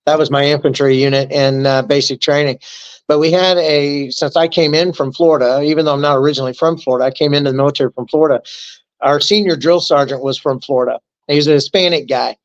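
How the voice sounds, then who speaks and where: Army vet guy in his 50s, kinda high voice, easygoing jokey storyteller, slightly dull lo-fi sound. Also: steady tone, quick pace. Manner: joking, easygoing storyteller who acts out quotes. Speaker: army veteran guest. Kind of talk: casual storytelling interview.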